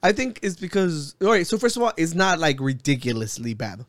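High-voiced Texan man, teasing banter. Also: animated, a bit bright, dry recording, studio quality. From Mexico. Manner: teasing, giggly, quick banter. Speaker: podcast co-host. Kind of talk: casual chat.

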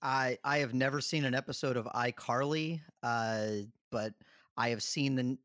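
Man, trivia contestant, mid pitch, thinks out loud, close dry mic. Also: steady tone, normal speed, dry recording. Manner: thinks aloud, chatty and self-deprecating. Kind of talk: casual trivia podcast.

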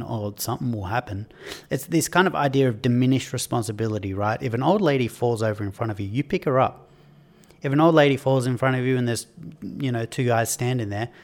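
Australian male podcast host, mid-pitched, sardonic and emphatic, reads his own opinion piece with frequent restarts. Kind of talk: opinion monologue, reading from his own article.

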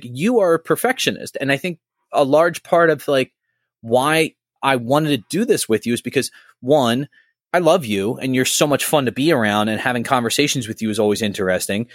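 A man who used to co-host the podcast, chatting casually in a rambling, animated way and swearing freely. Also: mid-range voice, normal speed, no echo, studio quality. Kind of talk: casual chat.

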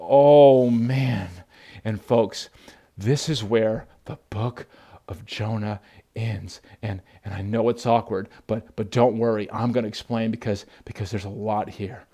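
A man's voice: lowish voice, steady tone, unhurried, dark tone. A male pastor preaching a sermon in an earnest, emphatic manner, often calling his listeners "folks".

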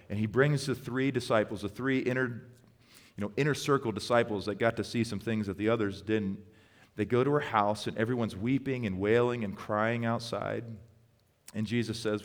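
A man's voice: on the low side, steady tone. Man preaching in a reverberant hall. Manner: storytelling, with emphatic slow stresses. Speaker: pastor. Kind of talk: sermon.

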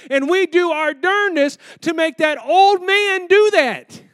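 A man with a high-pitched voice preaches a sermon, throwing question after question at his listeners. He jumps from loud, emphatic lines to low, hushed asides. The sound is close and dry, with no room echo. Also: slow, few pauses. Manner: preaches with rhetorical questions put to the congregation. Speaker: pastor.

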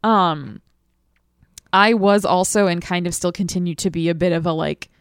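A woman co-hosting a podcast in a casual movie chat, speaking in a somewhat low, gravelly voice. She rambles and peppers her talk with "like". The sound is dry and close. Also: moderate pace, no room sound. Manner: chatty, filler-heavy with frequent "like". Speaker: podcast co-host.

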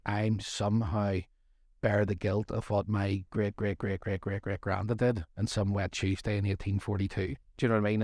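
A man's voice: on the low side, darkish tone, no room sound, clean studio sound. A middle-aged man co-hosting a faith study series, talking in a rambling, jokey way with self-deprecating asides. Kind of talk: casual faith discussion.

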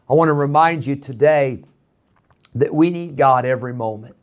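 A man's voice: mid-range voice, normal speed. A man preaching an earnest radio sermon, pleading and emphatic with much repetition.

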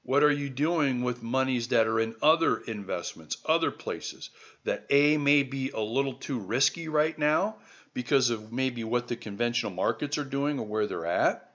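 A man from the American heartland hosts a podcast in a pressing, exhorting tone, hammering listeners with rhetorical questions. His voice sits at an ordinary middle pitch. The recording sounds a little dull and lo-fi. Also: moderate pace, fairly bright tone. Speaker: podcast host. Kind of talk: motivational podcast monologue.

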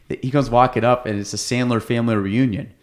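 A man hosting a casual podcast chat in a studio, retelling stories in an animated way with many restarts and quoted lines. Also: mid-range voice, moderate pace. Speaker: podcast host.

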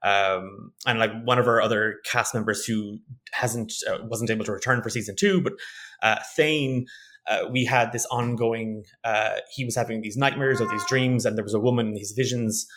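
A man's voice: on the low side, fairly even intonation, moderate pace, fairly bright tone. A man, a game master, chatting casually on a podcast and often restarting his sentences. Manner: restarts and repeats words, laughs easily.

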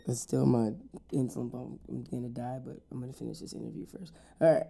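Gravelly, dark-voiced male podcast host. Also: medium pitch, flat delivery. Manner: laid-back, joking, drawn-out storytelling. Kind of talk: casual interview chat.

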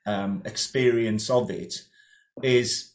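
A man's voice: fairly low pitch, steady tone, slow pace, echoey room. A man hosting a podcast, asking questions and telling anecdotes in a friendly, casual way. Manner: friendly, anecdotal, frequent "yeah" backchannels. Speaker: podcast host. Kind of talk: casual interview chat.

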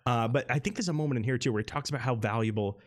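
A man's voice: mid-range voice, very fast. A man co-hosting a casual movie podcast who talks animatedly and acts out the film's scenes. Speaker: podcast co-host.

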